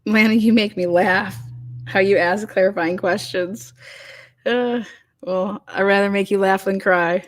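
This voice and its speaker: A woman's voice: medium pitch, fairly even intonation, a little slow. Rambling woman hosting a live chat. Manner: rambling, many fillers and restarts. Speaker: host. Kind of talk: casual livestream chat.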